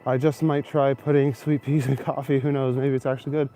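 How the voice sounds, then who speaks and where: On a casual night live stream, a young man from Canada walks snowy city streets with his phone camera in hand, chatting and answering viewers. He speaks a little fast with a flat delivery, and his mid-range voice has a dark tone.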